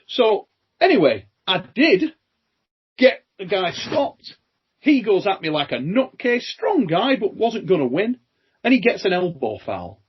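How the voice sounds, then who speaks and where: A British man hosting a podcast, telling lively stories, acting out quoted lines and swearing freely. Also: sits high, measured pace, husky, muffled recording. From Britain. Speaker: podcast host and armwrestling champion. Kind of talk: casual chat, storytelling.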